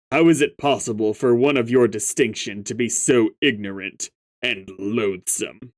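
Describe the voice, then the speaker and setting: A man voicing a pompous, formal male troll aristocrat who speaks slowly in ornate, haughty sentences. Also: on the low side, no echo, voice pushed down, lightly acted. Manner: slow, haughty, ornate speech.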